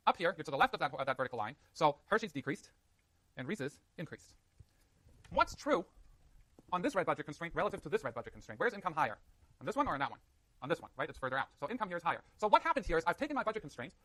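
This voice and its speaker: Rapid-fire animated male lecturer. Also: on the high side, dry recording. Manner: fast, animated, jokey asides to students. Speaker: university lecturer. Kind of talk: classroom lecture.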